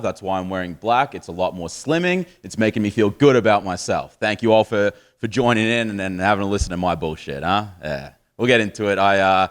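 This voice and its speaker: An Australian man in his twenties doing a stand-up comedy set on stage, with swearing, boozy, self-mocking banter to the crowd. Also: on the low side.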